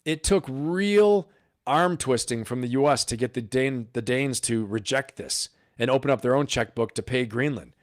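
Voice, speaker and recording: A man hosting a casual live stream, talking straight to his viewers, animated and full of rhetorical questions. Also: medium pitch, normal speed, no echo, studio quality.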